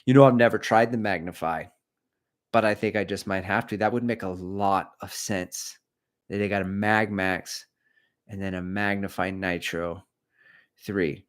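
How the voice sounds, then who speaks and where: A middle-aged man hosts a casual running livestream. His voice sits a little low, and he rambles from topic to topic, cracks dad jokes and reads viewers' comments aloud. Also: steady tone, a little slow. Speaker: running channel host.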